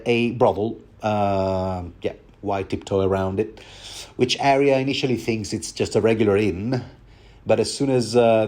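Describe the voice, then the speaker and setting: A man's voice: lowish voice, darkish tone. A man giving a rambling, chatty book commentary and poking fun at himself. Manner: chatty, self-mocking, many fillers.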